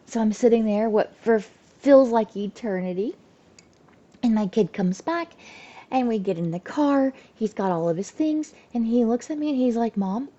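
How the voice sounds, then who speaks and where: A woman in her thirties, a homeschooling mom, telling her story in a chatty, animated way with lots of fillers. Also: a little high, moderate pace, muffled recording. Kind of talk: casual storytelling to camera.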